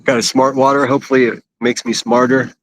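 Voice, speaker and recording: A man's voice: medium pitch, flat delivery, fast talker, slight background noise. A man from Pittsburgh chatting casually and a bit crudely on a phone livestream from an outdoor city park. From Pittsburgh, USA. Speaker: IRL livestreamer.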